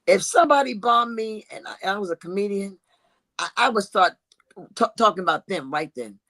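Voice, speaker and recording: A woman hosting a casual chat show, blunt and animated, who calls herself an old-school lady and talks. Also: mid-range voice, moderate pace, no echo. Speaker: host.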